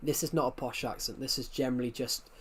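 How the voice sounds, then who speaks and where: A man's voice: mid-range voice, fairly even intonation, fast, husky. A young man with a working-class southwest England accent, chatting casually on a live stream, rambling and repeating himself as he reads the chat aloud.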